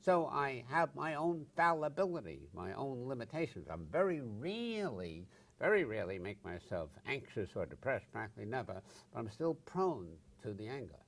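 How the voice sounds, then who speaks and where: A man's voice: medium pitch, very animated, moderate pace. An older man, a psychotherapist, answering interview questions bluntly and emphatically, swearing for effect. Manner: blunt, emphatic, acts out angry outbursts with swearing.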